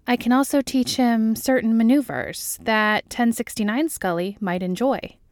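A woman reading the lines of a composed female federal agent in a fan fiction audiobook, brisk and matter-of-fact with a light amused edge. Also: on the high side, no echo, studio quality, voice pushed up, close to an everyday voice.

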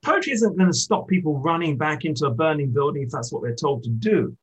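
A man with a husky, somewhat breathy voice talks about poetry in a reflective interview. His delivery is thoughtful and halting, with frequent restarts as he works through an idea. His pitch sits a little high for a man. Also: animated, low-quality recording. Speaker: poet, interviewee. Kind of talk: reflective literary conversation.

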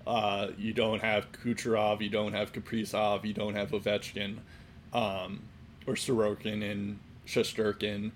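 A man co-hosting a casual sports chat, rambling and filling every pause with "like" and "um". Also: lowish voice, monotone, slight background noise. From Boston area. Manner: rambling, heavy on fillers like "like" and "um". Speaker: sports podcast co-host.

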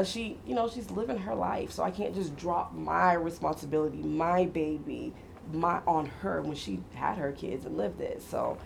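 A middle-aged woman chatting casually as a guest, telling animated stories, quoting people and laughing often. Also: fairly low pitch, creaky, a little hiss or hum. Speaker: guest mother. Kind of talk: casual conversation.

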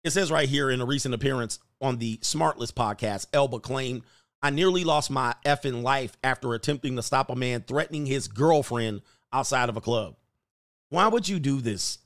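A man runs a casual livestream, reading headlines aloud and reacting in loose slang. His voice sits in the middle of the range and stays relaxed and joking. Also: medium pitch, normal speed, no echo, studio quality. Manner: loud, joking, slangy, reads articles aloud. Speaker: livestream host. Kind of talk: casual commentary on news.

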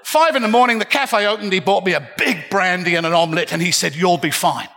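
A man's voice: high voice, fast talker, creaky, pushed and bright. An older man telling a comic, self-mocking story live on a festival stage. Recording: reverberant hall.

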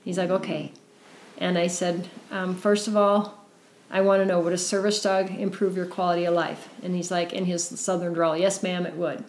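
A middle-aged woman with a slightly low voice tells her story earnestly in an interview, filling pauses with "um" and "and". She sounds like she is in an echoey room. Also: little pitch movement. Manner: earnest, warm storytelling with frequent fillers. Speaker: guest, founder of a service dog foundation.

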